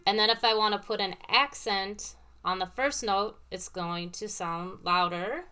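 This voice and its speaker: A woman gives a relaxed piano lesson, patiently explaining ideas through everyday comparisons and playing examples between her phrases. Her voice is medium-pitched and her pace measured.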